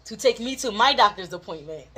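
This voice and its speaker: A woman, telling a childhood story in casual chat with her husband, animated and laughing often. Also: a little high, a little fast, husky. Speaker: co-host of a couples channel.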